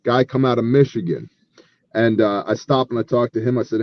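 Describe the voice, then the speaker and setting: A man's voice: mid-range voice, brisk, highs cut off. A man who leads a relief ministry, telling stories earnestly and with animation as an interview guest, acting out the dialogue.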